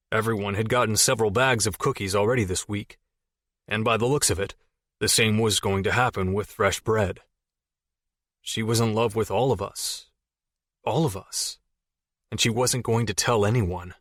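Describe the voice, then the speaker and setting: A man narrating a fantasy audiobook in the first person, steady and measured. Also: lowish voice, dry recording, studio quality.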